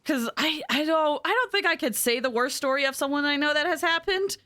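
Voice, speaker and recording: A young woman streamer chatting casually to her audience while playing, rambling through stories and giggling often. Her voice is high-pitched and bright. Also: brisk. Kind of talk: casual live-stream chat.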